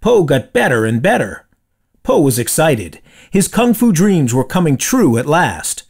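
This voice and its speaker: A man reading a children's storybook aloud with expressive, dramatic storytelling. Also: fairly high pitch, unhurried, creaky, husky. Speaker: storybook reader. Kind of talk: read-aloud storybook narration.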